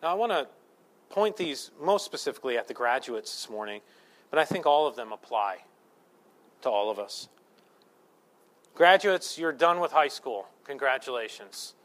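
This pastor, a man in his thirties, speaks at normal speed in a mid-range voice, leaving long pauses. His sermon mixes lively storytelling with self-deprecating humor, shifting between loud emphasis and hushed asides.

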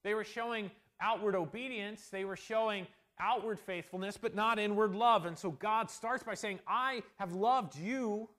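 High-voiced earnest male preacher. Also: steady tone. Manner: earnest, slows down to stress quoted verses; dynamic, swings between quiet asides and loud emphasis. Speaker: pastor. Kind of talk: expository sermon.

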